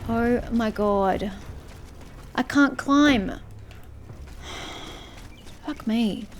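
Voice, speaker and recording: High-voiced woman muttering while gaming. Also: drawn-out words, slight background noise. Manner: frustrated, swearing, muttering to herself. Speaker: gaming streamer. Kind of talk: casual let's-play commentary.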